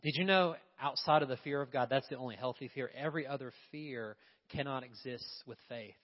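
A male pastor delivers an emphatic sermon at a mid-range pitch, often throwing questions out to his congregation. His voice rings with a long reverb through the church. The recording sounds a bit dull and lo-fi. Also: brisk. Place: church sanctuary.

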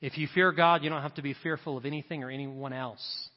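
A middle-aged male pastor preaches with a slightly raised voice, pushing his points with rising emphasis and quick asides to the crowd. The sound is a little dull, and each line rings out with long reverb from a large church hall. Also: on the high side, steady tone. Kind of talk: sermon.

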